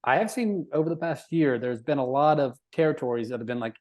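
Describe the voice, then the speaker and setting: A man co-hosting a casual sports podcast, trading jokes and laughing easily. His voice sits at an ordinary pitch for a man, and his profanity comes out relaxed and offhand. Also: a little fast. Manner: joking, swears casually, laughs often. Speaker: podcast co-host.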